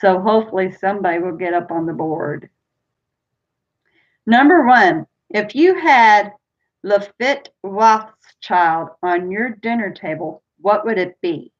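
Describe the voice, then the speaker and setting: A woman's voice: medium pitch, slow. A woman hosting a casual live-stream trivia game, chatty and laughing often as she reads out questions and chats with viewers. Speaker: livestream trivia host. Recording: dull lo-fi stream audio.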